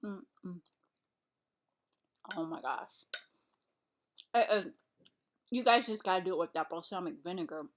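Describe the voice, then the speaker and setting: A woman's voice: on the low side, unhurried, pauses often. Woman vlogger, chatty and rambling, casual home talk while eating. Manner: chatty, rambling, trailing off and restarting. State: out of breath. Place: her home, kitchen and living room couch.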